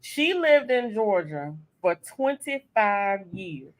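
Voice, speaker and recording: Woman telling a story on a podcast, gets loud and emphatic, mid voice. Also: medium pitch, very animated, slow pace, poor audio. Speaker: audiobook narrator. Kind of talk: casual podcast chat.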